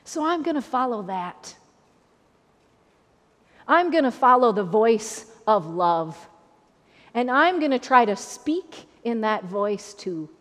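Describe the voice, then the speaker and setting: A woman's voice: a little high, sing-song, slow, long pauses, a bit bright. A woman pastor giving a sermon in a conversational, repetitive preaching style, with an Upper Midwest American accent. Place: church sanctuary. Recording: long church reverb.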